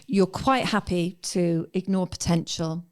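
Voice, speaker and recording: A woman's voice: fairly low pitch, a little slow. A middle-aged woman from England raised in Ireland, a guest on a podcast, talking frankly and reflectively, and acting out her own past thoughts. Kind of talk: candid podcast conversation.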